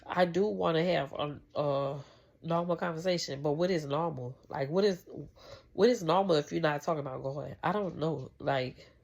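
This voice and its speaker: A woman's voice: low voice, normal speed, vocal fry, darkish tone, highs cut off. A woman vlogger talking casually about faith and family, rambling and heartfelt, with many restarts. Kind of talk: casual faith talk to camera.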